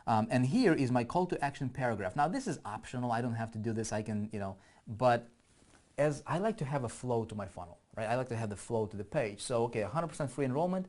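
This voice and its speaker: A man's voice: medium pitch, animated, fast, darkish tone. A man teaching online marketing in a casual screen-share walkthrough, thinking aloud and often checking in with "right?".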